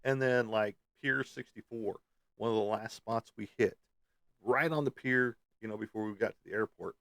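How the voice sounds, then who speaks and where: Low-voiced rambling American man. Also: normal speed, fairly bright tone, no echo, studio quality. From United States. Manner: rambling, lots of ums and uhs. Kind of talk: casual chat.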